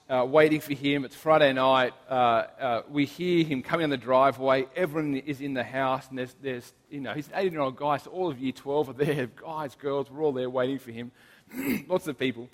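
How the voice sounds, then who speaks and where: Young male preacher, conversational storyteller, slightly high voice, echoing hall. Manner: chatty and animated, frequent fillers and restarts. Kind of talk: casual sermon with storytelling. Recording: long hall reverb.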